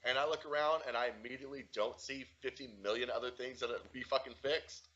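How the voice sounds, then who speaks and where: A man's voice: mid-range voice, fairly even intonation, fast talker, a bit bright, lo-fi sound. A man co-hosting a podcast in casual chat, rambling and swearing often. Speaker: podcast co-host.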